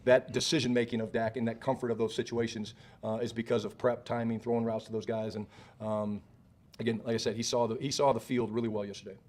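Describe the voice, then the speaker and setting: A man speaking as an offensive coach at a press conference, explaining plays in a quick, analytical way. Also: mid-range voice, slight background noise. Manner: quick, even, analytical delivery.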